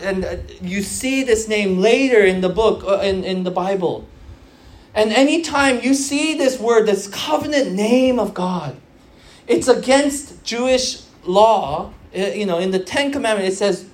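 A man in his thirties preaching a sermon in a conversational way, asking rhetorical questions and explaining scripture. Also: high voice. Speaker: pastor.

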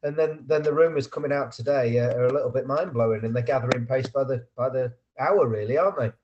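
A man's voice: medium pitch, quick pace, darkish tone, lo-fi sound, slight background noise. A man hosting a casual chat over a video call from home, laughing often. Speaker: podcast host.

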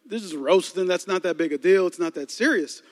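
Speaking briskly in a high-pitched voice, a young man from the Chicago area, United States, preaches to youth in a large hall using a personal story. He's animated, voicing the people in his story and stammering and repeating words often.

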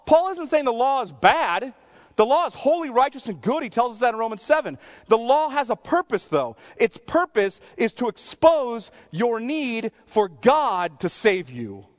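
A man preaching a sermon as a pastor, earnest, sometimes dropping to a soft near-whisper and sometimes pleading. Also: very high voice.

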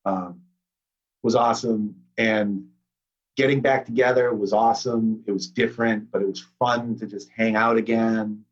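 Podcast guest: relaxed, rambling man with a husky voice on a dull, lo-fi call line. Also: lowish voice, normal speed. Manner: laid-back, rambling with many fillers. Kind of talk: casual conversation.

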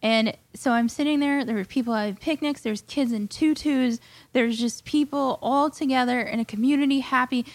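A woman tells a comic story as a podcast guest, swearing a lot and sounding indignant. Her voice sits a little high. The sound is close and dry, with no room echo. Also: normal speed. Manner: profane, animated and indignant. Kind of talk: comedic storytelling rant.

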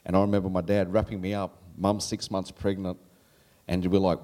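A man with a fairly low voice tells a true story from his own life to a live audience. He is from Australia, speaks casually, and keeps laughing along the way. When he quotes the child he once was, his voice shoots up high. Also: level tone, normal speed, dark tone. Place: live event stage.

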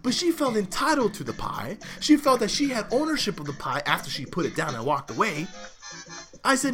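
A man's voice: high voice, wildly swooping pitch, moderate pace, bright, forceful tone, soft background music. A man hosting a show, telling a story in a loose, rambling way with restarts and side remarks. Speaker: show host. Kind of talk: casual storytelling monologue.

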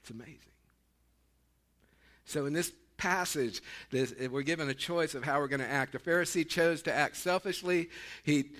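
A man preaching a sermon as pastor in a small church, folksy and animated, with laughing asides. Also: on the high side, moderate pace.

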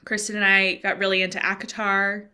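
A woman's voice: medium pitch, completely flat delivery, a little fast, bright, forceful tone, clear, resonant tone. A woman co-hosting a podcast in casual chat, talking freely and quoting her own thoughts aloud. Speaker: podcast co-host.

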